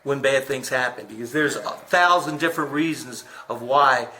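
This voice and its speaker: A man interviewing a coach, chatting casually and telling rambling stories with halting restarts. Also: mid-range voice, bright, forceful tone. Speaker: interviewer and comedian. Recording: echoey room.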